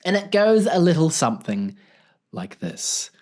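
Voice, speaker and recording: New man, solo podcast host, goofy rambling, very animated pitch. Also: measured pace. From New Zealand. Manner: goofy, rambling, laughs at his own jokes. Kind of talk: casual solo podcast monologue.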